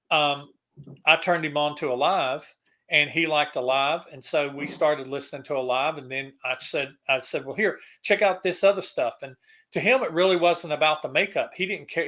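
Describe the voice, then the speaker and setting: A man's voice: a little high, fairly even intonation, moderate pace, sharp tone. A middle-aged man hosting a casual online chat, rambling and often restarting his sentences. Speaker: podcast host.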